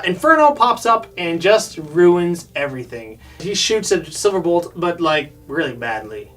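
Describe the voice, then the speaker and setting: A man's voice: a little high, sing-song, measured pace, few pauses, a bit bright. A man jokingly recaps a cartoon episode in a loose, chatty way, now and then putting on goofy voices. He sounds a little distant from the microphone. Faint music sits underneath. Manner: jokey, does silly character voices while retelling. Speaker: podcast co-host reviewing a cartoon. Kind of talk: casual comedic recap chat.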